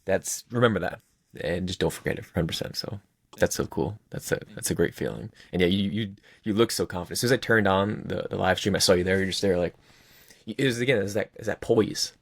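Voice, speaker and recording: A man with a deep, gravelly, slightly husky voice chats on a podcast. He is effusive and enthusiastic and laughs easily. The sound is dry and close. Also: fairly quick, dry recording. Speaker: podcast co-host. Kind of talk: casual chat.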